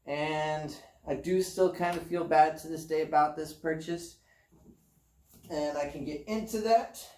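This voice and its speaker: A relaxed man with a drawl, his voice sitting a little high, chats in a meandering, self-mocking way. The sound is roomy and echoing. He is heard from a distance, as if the mic sits across his apartment gym. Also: unhurried. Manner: laid-back, meandering, self-deprecating. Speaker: fitness vlogger. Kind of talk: casual rambling chat.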